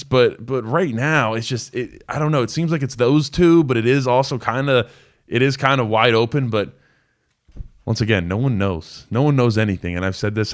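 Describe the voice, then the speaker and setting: A former college football player in his twenties hosts a live call-in sports show, loose and casual, rambling through stories with lots of fillers. His mid-range voice has a fairly bright tone.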